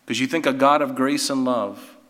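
Preacher guy giving a sermon, bright forceful voice, lots of hall reverb, earnest, repeats himself and asks questions. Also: medium pitch, moderate pace. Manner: earnest, emphatic, with repeated restarts and rhetorical questions.

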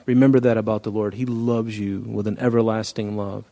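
A man's voice: fairly low pitch, little pitch movement, brisk, gravelly, dark tone. A male pastor preaching a conversational sermon, now and then acting out quoted dialogue.

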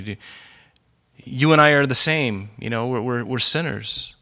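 Bright-voiced preaching man, earnest and folksy. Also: medium pitch, measured pace. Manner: earnest, conversational storytelling with rising excitement. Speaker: pastor. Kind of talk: sermon.

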